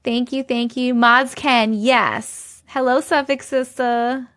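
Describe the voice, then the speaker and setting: Slow and steady in tone, a slightly high, slightly bright female voice carries a livestream hosted from a home basement on an everyday mic. She chats loosely, laughs often, and reads out viewer comments with thanks.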